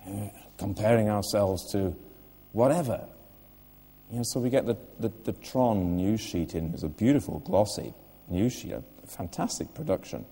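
Older male preacher, deep and mellow. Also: lively intonation, normal speed, breathy edge, big-room sound. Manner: earnest, asks the listeners direct questions. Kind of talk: sermon. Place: church.

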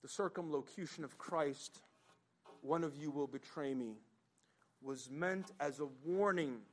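A male pastor preaching a sermon, slow and dramatic, swinging between loud emphasis and hushed, low passages.

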